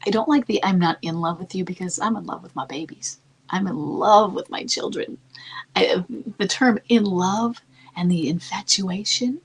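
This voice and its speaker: A woman giving marriage-coaching advice in a soft, calm, often near-whispered delivery that stays earnest and reassuring. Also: on the low side, slightly rough, poor audio. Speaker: marriage coach answering a listener's question. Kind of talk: advice talk.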